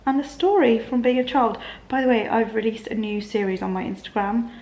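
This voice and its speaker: A young woman, chatting casually to camera in her bedroom, rambling and laughing softly. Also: on the high side, fairly quick. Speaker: vlogger. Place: bedroom of a small flat.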